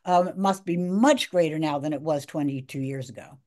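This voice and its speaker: A woman hosts an interview in a somewhat low voice. She listens attentively and supportively, then asks measured follow-up questions in a conversational tone. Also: a little mellow.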